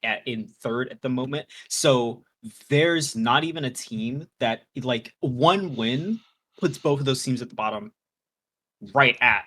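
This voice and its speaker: A man's voice: mid-range voice, unhurried, fairly bright tone. A man on a casual esports panel, talking through standings in a chatty, analytical way with some teasing.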